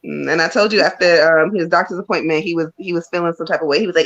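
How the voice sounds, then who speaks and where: A frank, chatty woman doing a live tarot reading, her voice sitting a bit low. The stream audio sounds dull and lo-fi, and she mixes blunt jokes with spirit messages. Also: quick pace, fairly bright tone. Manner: frank, chatty, laughs and curses freely. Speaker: psychic reader.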